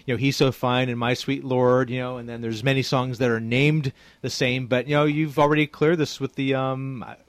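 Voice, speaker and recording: A man hosting a radio show from the studio, chatting casually with a guest, excitable and chuckling often. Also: medium pitch, normal speed, hardly any pauses, no room sound. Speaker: radio host.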